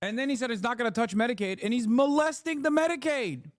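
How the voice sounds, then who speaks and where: A man's voice: very high voice, fast talker, dry recording, studio quality. A young man streaming, ranting casually with sarcastic, profane mockery.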